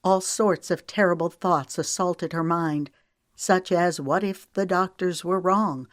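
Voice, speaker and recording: A woman with a low voice reads an audiobook, narrating steadily and giving the characters' lines small shifts. The sound is dry and close, with no room around it. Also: measured pace, dry recording. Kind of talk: scripted narration.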